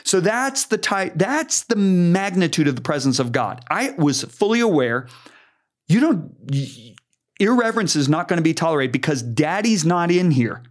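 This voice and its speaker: An older man, a preacher, earnestly telling a story in conversation, animated and emphatic. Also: fairly high pitch, moderate pace. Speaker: guest preacher.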